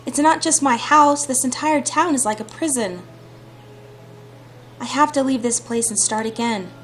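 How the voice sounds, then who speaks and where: A woman's voice: high voice, normal speed, a bit bright, soft background music, voice pushed up. A woman reading aloud the lines of a young heroine who longs to escape her stepmother, in an earnest, reflective way. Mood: resolute. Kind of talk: reading visual novel dialogue aloud.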